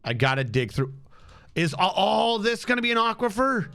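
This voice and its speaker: A man's voice: sits high, sing-song, normal speed, vocal fry, a bit bright, faint music behind. A man streaming a building game, muttering and counting tiles aloud while getting frustrated. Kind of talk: live gameplay commentary.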